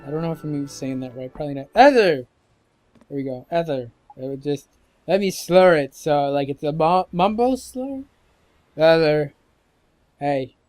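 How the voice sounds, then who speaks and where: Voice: mid-range voice, brisk, darkish tone, dry recording, faint music behind. A let's-play commentator making casual, joking and sarcastic asides over gameplay.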